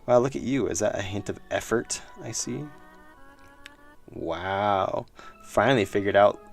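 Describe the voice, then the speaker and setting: A man's voice: on the low side, unhurried, vocal fry, soft background music. A man reading out the lines of a sneering mirror reflection of a young woman, in a mocking, scolding tone.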